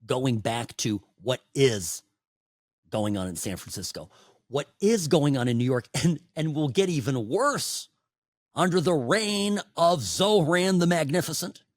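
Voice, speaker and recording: Animated, sarcastic middle-aged radio host. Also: male voice, a little slow, no room sound, clean studio sound. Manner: animated, sarcastic, swings between loud outbursts and low asides. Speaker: radio talk show host. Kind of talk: opinionated talk radio monologue.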